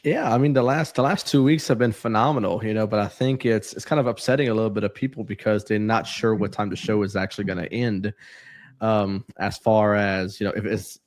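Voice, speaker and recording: A man's voice: fairly low pitch, fairly even intonation, brisk. A man on a casual wrestling podcast panel, talking loosely and rambling with lots of "you know" and "um". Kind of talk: casual sports podcast chat.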